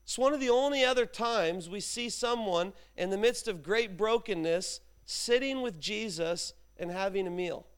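A man delivers a sermon in an easygoing, chatty way, full of asides to the congregation. His voice sits high and rings clear and smooth. He tells his stories as if he were talking with friends. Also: moderate pace, hardly any pauses. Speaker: pastor. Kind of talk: conversational sermon.

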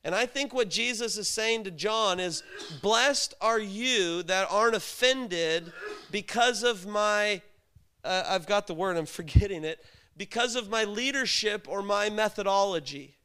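A man's voice: high-pitched, measured pace, bright, forceful tone, slight background noise. A man preaching a sermon, telling stories, acting out quoted voices and asking the listeners rhetorical questions.

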